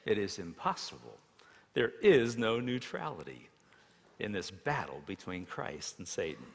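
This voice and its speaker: A man preaching a sermon in a dramatic way, shifting between loud emphasis and hushed tones as he tells stories. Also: deep voice, big pitch swings, a little slow, creaky, husky. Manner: storytelling with acted quotes. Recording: long reverb of a large hall.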